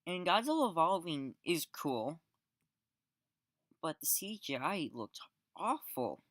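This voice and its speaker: A man's voice: fairly high pitch, big pitch swings, slow pace, a bit bright, dry recording. Rambling man reviewing a film, dry sound. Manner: rambling, frequent restarts and fillers; exasperated, sarcastic asides. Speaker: movie reviewer. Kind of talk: casual spoken film review.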